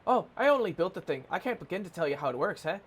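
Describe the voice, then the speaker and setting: A man's voice: high-pitched, very animated, fast, breathy edge, heavily acted. A man voicing a modest handyman with a put-on Irish accent, rambling folksily. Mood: folksy.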